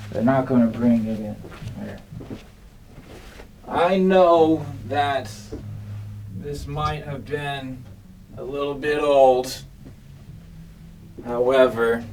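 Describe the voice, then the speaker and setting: A man hosting an absurd comedy monologue, rambling and deadpan. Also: mid-range voice, a little hiss or hum. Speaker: comedian host.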